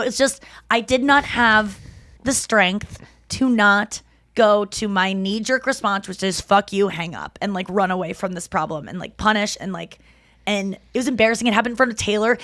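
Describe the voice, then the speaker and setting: A woman hosting a podcast, telling an emotional story in casual chat, acting out quotes loudly and swearing freely. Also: a little high, moderate pace, no room sound, studio quality. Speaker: podcast host.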